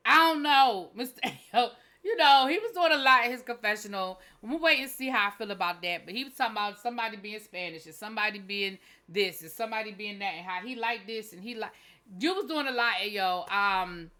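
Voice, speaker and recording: A woman's voice: fairly high pitch, bright, forceful tone. A woman giving a casual, candid recap of a reality show, talking in loose, informal grammar and restarting her sentences often. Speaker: TV show reviewer.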